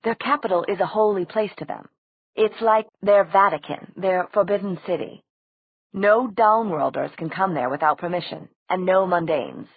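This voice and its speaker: A woman voicing a flamboyant male warlock who explains in a soft, measured way, in a dry, tinny recording. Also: mid-range voice, husky, no echo. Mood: patient. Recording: dry, tinny phone-like sound.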